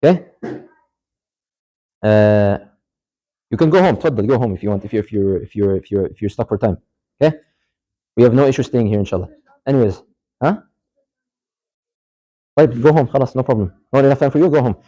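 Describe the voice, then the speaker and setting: A man teaches a class in a mosque, talking in a relaxed, informal way. He keeps asking the room questions and repeating his points. His pitch sits in an ordinary middle range, and short Arabic recitations slip into his talk. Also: a little fast, long pauses, rough recording. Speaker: religious teacher. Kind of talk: classroom lecture with live demonstration. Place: mosque hall.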